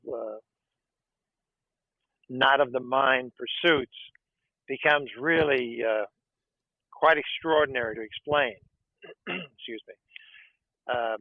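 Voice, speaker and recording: A man's voice: medium pitch, no room sound. Tinny-sounding attorney man, rambling. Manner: rambling, peppered with "okay" and "you know". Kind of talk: conversational interview talk.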